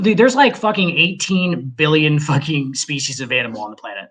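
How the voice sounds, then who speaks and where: A man co-hosting a casual podcast, ranting with lots of profanity and animated emphasis. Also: a little high, brisk. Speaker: podcast co-host.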